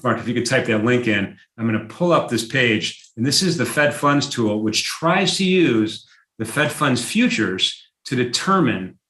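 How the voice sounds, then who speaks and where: A man hosting a live trading stream in a roomy, echoey space, talking loosely through price charts. He restarts sentences and drops fillers often. He perks up with excitement when a chart surprises him. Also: medium pitch, unhurried. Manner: conversational, with frequent fillers and restarts; gets excited over charts. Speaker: market analysis host.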